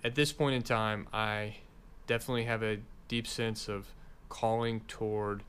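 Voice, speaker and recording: Earnest young man, low deliberate voice. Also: little pitch movement, a bit bright, clear, resonant tone. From Alabama, USA. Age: young adult. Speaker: seminary student. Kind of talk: casual interview chat.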